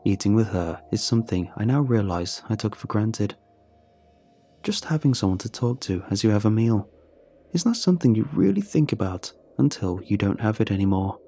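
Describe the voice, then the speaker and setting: A man reading a first-person horror story in a scripted, even, conversational narration. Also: lowish voice, moderate pace, husky.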